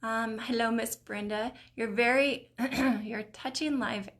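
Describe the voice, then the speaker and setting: A middle-aged woman hosting a live video stream, reading viewers' comments aloud in a warm, encouraging, emotional way. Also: fairly high pitch, fairly even intonation, takes it slowly. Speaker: host of a live mindset stream.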